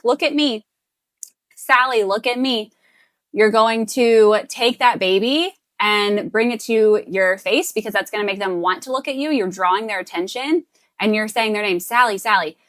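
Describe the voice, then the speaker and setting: A woman's voice: medium pitch, pushed and bright, no echo. A woman from the Southern US, a speech therapist, patiently explaining step-by-step tips to parents and repeating the key points. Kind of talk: instructional talk to parents.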